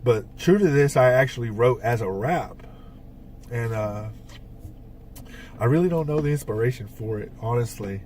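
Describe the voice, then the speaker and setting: A man's voice: medium pitch, expressive, normal speed, pauses often, darkish tone, far from the mic, slight background noise. A man co-hosting a casual podcast, telling rambling stories about writing his band's songs, with lots of fillers and swearing. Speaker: podcast co-host and band songwriter. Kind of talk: casual chat.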